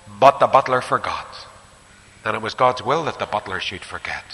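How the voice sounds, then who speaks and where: A man's voice: on the low side, lively intonation, moderate pace, pushed and bright. An older man with a Northern Irish accent preaching a sermon, telling stories with shifting emphasis. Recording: echoey hall with faint hiss.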